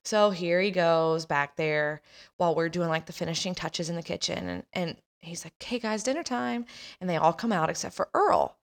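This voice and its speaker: A chatty woman in her thirties hosts a podcast and tells a story about her family. She laughs often and acts out the voices of the people in it. Her voice sits a little on the low side. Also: fairly even intonation, moderate pace, creaky. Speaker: podcast host telling a story. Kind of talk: casual storytelling.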